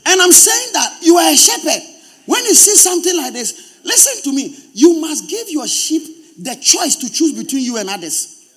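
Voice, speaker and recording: A man with a Ghanaian accent preaching a sermon as pastor, speaking straight to his congregation in an animated way. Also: very high voice, moderate pace.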